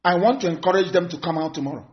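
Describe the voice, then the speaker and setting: A Nigerian-accented man delivers a fiery broadcast address in a voice pitched high for a man. He is scornful and emphatic, hammering phrases again and again. The recording is dull and lo-fi. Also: rapid-fire. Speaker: political activist. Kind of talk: impassioned live broadcast speech.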